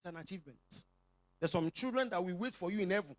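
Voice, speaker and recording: A man's voice: high-pitched, animated, fast, no room sound. A male pastor with a Nigerian accent preaching a sermon to his church, joking and calling for responses from the congregation.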